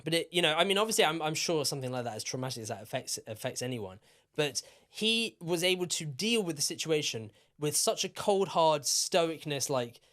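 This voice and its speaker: A man co-hosting a podcast, tipsy and telling a story in a lively, rambling way with plenty of swearing. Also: fairly high pitch, fairly quick. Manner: animated, swearing, repeats himself. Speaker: podcast co-host. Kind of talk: casual storytelling chat.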